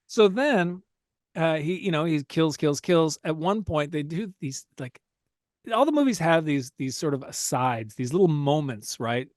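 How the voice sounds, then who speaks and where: A man's voice: on the high side, expressive, a little slow, dry recording, clean studio sound. A man hosting a casual movie-recap podcast, telling the story with lots of energy and frequent laughter. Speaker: podcast host.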